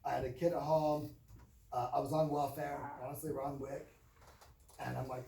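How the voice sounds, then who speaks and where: A man's voice: medium pitch, moderate pace, background noise. Middle-aged male trainer, rambling storyteller, roomy echo, mic set far back. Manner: rambling, self-correcting, animated when telling stories. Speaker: training speaker. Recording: roomy distant mic, faint ambience.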